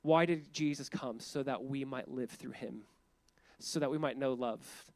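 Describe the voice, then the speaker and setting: A man preaching a sermon as pastor, animated and conversational, leaning on emphatic repetition and laughing often as he talks. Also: mid-range voice, unhurried, dry recording. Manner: laughs often while speaking.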